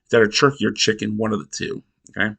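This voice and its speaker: A man's voice: fairly low pitch, flat delivery, creaky, a bit bright, slightly rough. A male reviewer recaps a sitcom in a loose, casual voice. He rambles, halts and restarts sentences as he goes. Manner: rambling, halting, restarts a lot. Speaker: TV episode reviewer.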